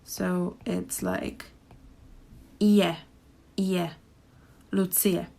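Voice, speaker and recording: A woman's voice: lowish voice, level tone, very slow, vocal fry, warm tone. A young woman with a Czech accent, teaching pronunciation and repeating words carefully for learners. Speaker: language teacher. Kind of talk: pronunciation lesson.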